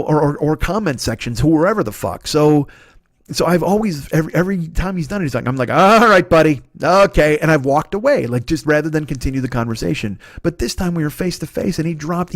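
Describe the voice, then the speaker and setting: A man's voice: a little high, no echo, clean studio sound. A middle-aged man telling a story in a casual, rambling monologue, swearing often and restarting his sentences. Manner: rambling, profane, halting restarts. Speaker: podcast host.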